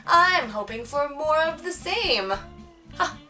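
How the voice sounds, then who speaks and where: A woman's voice: sits high, animated, slow pace, bright, forceful tone, far from the mic, soft background music. A woman author chatting casually through tag questions on her vlog, playful and self-mocking. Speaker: author vlogger.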